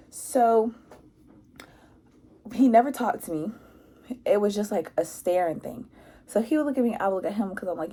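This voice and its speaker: A young woman telling a casual storytime about her school days, animated and acting out what people said. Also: mid-range voice, normal speed, pauses often, slightly rough. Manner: animated, acts out quotes with lots of "like". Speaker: vlogger.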